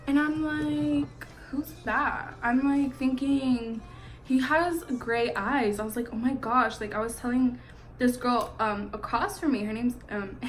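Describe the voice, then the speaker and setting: A teenage girl telling a story in a relaxed chat with her best friend, slangy and laid-back, with murmured asides. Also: on the high side, rough recording.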